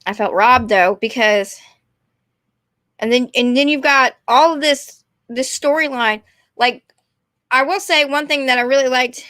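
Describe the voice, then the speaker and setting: Woman, high pitch, bright tone, rambling casual chat, dry close sound. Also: measured pace, no room sound. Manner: rambling, animated, talks to chat. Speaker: streamer. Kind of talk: casual ranting chat to viewers.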